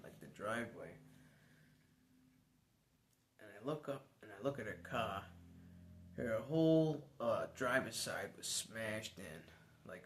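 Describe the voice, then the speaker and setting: A man's voice: lowish voice, a bit bright, slight background noise. A man telling a personal story in a casual, rambling way, chuckling now and then. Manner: rambling, conversational, restarts, chuckles.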